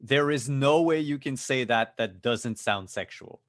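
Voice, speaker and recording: A man narrating as game master of a tabletop game, calm and descriptive with dry humor. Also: medium pitch, measured pace, no room sound.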